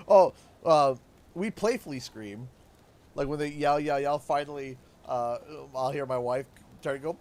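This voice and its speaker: A man's voice: a little high, unhurried, darkish tone. A man in his thirties from Canada chatting casually on a livestream from his home office, telling rambling anecdotes and chuckling. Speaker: gaming streamer. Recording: game music playing behind.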